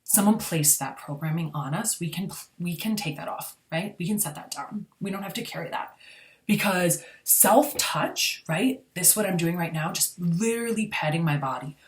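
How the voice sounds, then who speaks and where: A woman, an energy healer, giving a gentle, unhurried spiritual talk and often asking "right?". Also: lowish voice. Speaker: energy healer and channel host. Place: indoors.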